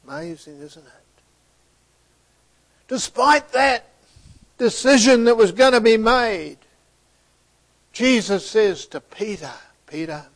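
A man preaching a sermon, retelling a story and acting out the dialogue, sometimes dropping to a hushed near-whisper. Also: sits high, lively intonation, slow, pauses often.

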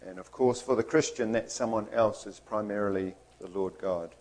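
A man's voice: fairly low pitch, moderate pace, a little mellow, poor audio. A man preaching a sermon in an earnest, emphatic way, acting out the figures he quotes.

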